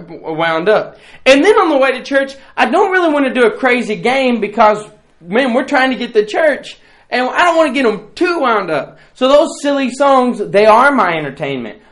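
Guy with a pretty high voice running a church bus workshop, playful, keeps singing bits of kids songs. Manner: animated, playful, breaks into song. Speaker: bus ministry leader teaching a workshop. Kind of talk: training talk with sung examples.

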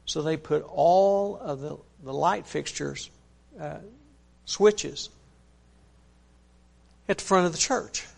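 Preacher guy telling a story in his sermon, kinda high raspy gravelly voice, folksy, lots of "he said". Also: slow pace, pauses often. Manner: folksy, earnest retelling with many "he said" asides and restarts.

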